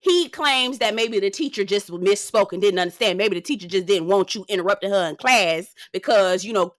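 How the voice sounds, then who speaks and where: A woman's voice: mid-range voice, brisk, dry recording. A young adult woman hosting a gossip recap, talking straight to her viewers in a sassy, hollering rant. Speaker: gossip commentary host. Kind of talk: ranting recap commentary.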